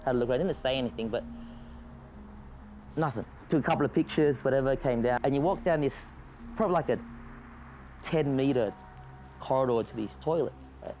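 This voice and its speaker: A man casually telling a story in an animated way, with frequent stammered restarts and loose, profane talk. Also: mid-range voice, brisk, long pauses, soft background music.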